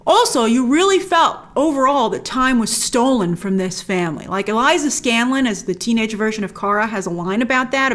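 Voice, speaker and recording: Animated woman reviewing a film. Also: on the high side. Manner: animated and emphatic, many restarts. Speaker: movie review host. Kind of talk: casual spoken film review.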